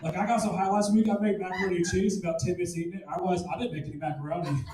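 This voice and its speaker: Male stand-up, high voice, crude, self-mocking, booming club room from afar. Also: steady tone, rapid-fire. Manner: crude, self-deprecating, loud punchlines. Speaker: stand-up comedian. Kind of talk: stand-up comedy set. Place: comedy club stage. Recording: echoey room, distant mic, noisy.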